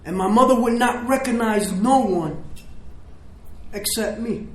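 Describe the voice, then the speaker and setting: A man's voice: high voice, unhurried. An older man from the South Bronx giving an emotional personal testimony as a recovery speaker, telling his story with quoted dialogue. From South Bronx, New York. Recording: echoey room, faint noise.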